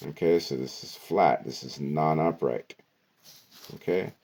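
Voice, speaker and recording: Very deep-voiced man teaching slowly. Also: darkish tone. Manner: slow, deliberate, with frequent "okay" and "right". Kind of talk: esoteric word-decoding lesson.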